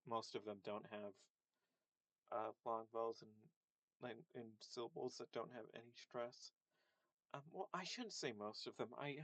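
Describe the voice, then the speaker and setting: A man teaching a casual screen-share language lesson, thinking aloud with many ums and pauses. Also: on the low side, dry recording, rough recording.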